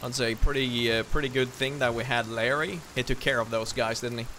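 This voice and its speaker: A man's voice: medium pitch, fairly even intonation, a little fast, sharp tone, slight background noise. A man hosting a gaming video, chatting playfully and teasing his co-player. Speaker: gaming channel host. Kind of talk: casual gameplay chat.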